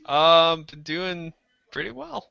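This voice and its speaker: A man chatting casually on a video call, easygoing and agreeable, often answering with a quick "mm-hmm.". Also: fairly high pitch, animated, vocal fry, sharp tone, smooth, no room sound, dull audio. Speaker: guest in an online hangout. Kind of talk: casual chat.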